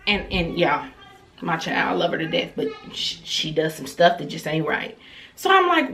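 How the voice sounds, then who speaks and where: A woman's voice: fairly low pitch, normal speed. A woman, telling a casual storytime vlog and acting out scolding her child. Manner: animated, acts out scolding her child in a raised voice.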